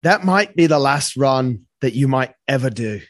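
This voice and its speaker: A man's voice: mid-range voice, animated, normal speed, no echo. Earnest man, dry close sound. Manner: earnest, says "mate" often, swears. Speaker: podcast guest. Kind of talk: casual storytelling conversation.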